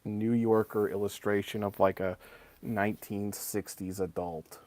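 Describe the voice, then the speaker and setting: A man's voice: lowish voice, steady tone, measured pace, a little mellow, no room sound. Rambling man chatting on a stream. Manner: rambling and conversational, many fillers. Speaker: streamer and voice actor. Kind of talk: casual chat while painting on stream.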